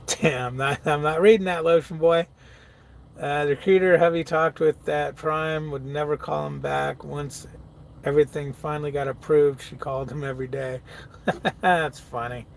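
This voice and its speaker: Chatty, slightly high-voiced man. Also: steady tone, unhurried, vocal fry, slight background noise. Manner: loose and chatty, swears freely, laughs often; reads viewer comments aloud and answers them. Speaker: truck driver streaming live. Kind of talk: casual live-stream chat reading.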